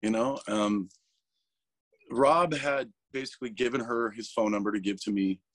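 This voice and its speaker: As an interview guest, a metal vocalist talks candidly and emotionally, swearing freely and restarting his words. His mid-range voice comes at normal speed with no echo.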